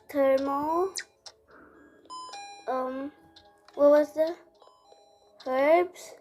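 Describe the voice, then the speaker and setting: A young woman talking through a horror game as she plays, jumpy and panicky and quick to squeal at the scares. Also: sits high, soft background music. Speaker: gamer playing a horror game. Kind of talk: live gameplay commentary. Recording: noisy home recording.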